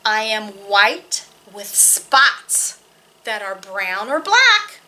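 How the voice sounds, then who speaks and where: A woman librarian leading a storytime for small children, reading aloud with an animated, exaggerated sing-song delivery. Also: medium pitch, extremely slow. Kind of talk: storytime reading and singing for kids.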